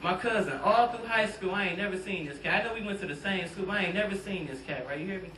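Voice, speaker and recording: On a comedy club stage, a young man from Detroit does a stand-up set, bantering loosely and addressing the crowd directly. His voice is high and quick, and the mic sits back in a roomy club sound with noise in the background.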